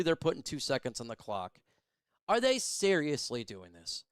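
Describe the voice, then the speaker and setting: An excitable man calls a football game as a fan, his voice pitched a little high and smooth, recorded dry and close. He gets emotional and loud on big plays, then settles into chatty talk with his viewers. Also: normal speed, no room sound. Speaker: fan play-by-play streamer. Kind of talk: live fan play-by-play and chat.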